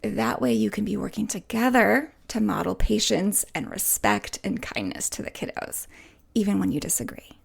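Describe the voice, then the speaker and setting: Gentle husky-voiced woman giving advice. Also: medium pitch, sing-song, moderate pace. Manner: soft, gentle, often drops to a whisper; reassuring, frequent "right?" check-ins. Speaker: podcast host and relationship coach. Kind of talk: advice monologue answering listener questions.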